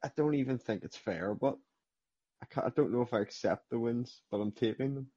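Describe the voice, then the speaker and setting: Male podcast guest, husky, modest and hesitant, dry, dull recording. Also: medium pitch, fairly quick, warm tone, no room sound. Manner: modest, hesitant, stumbles at the start of sentences. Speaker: podcast guest, sim racing driver. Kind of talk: casual chat.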